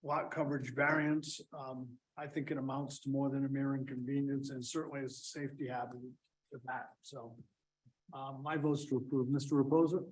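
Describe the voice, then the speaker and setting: A man's voice: mid-range voice, flat delivery, fairly quick, low-quality recording. A man chairing a town zoning board meeting, reading out agenda items and calling on members to vote.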